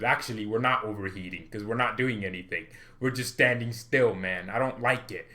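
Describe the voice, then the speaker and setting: A man vlogging as a football fan, ranting in a loud, playful, exaggerated way and jumping into comic asides. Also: medium pitch. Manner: swings from mock-romantic murmur to loud excited ranting. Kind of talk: animated fan rant.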